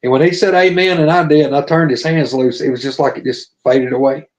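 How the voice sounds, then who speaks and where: A man's voice: a little high, steady tone, brisk. A man telling a long personal story in a folksy, earnest way on a casual live show. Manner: folksy, earnest, drawling testimony. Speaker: podcast guest telling his story. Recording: dull lo-fi audio.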